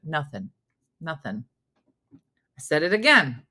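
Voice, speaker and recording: A woman hosting a comedy morning show, chatting casually, telling animated stories with frequent laughs and acting out family exchanges. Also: sits low, unhurried, long pauses. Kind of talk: casual live-show chat reading viewer comments.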